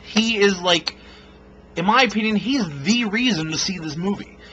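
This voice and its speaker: A man's voice: high voice, normal speed, bright, forceful tone, muffled recording, a little hiss or hum. A man giving a casual, blunt film review, rambling with fillers and swearing freely.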